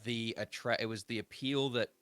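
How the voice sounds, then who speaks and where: A man's voice: medium pitch, steady tone, normal speed, a bit bright, clear, resonant tone, dry recording. A man in his thirties hosting a music podcast, talking in a casual, rambling way with plenty of swearing. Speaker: podcast host. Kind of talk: casual chat.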